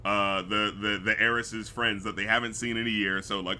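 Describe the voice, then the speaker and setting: A man's voice: mid-range voice, brisk, few pauses, bright, forceful tone. A man hosting a casual film review podcast, talking loosely with many fillers and profanity, acting out lines from the movie. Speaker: podcast host.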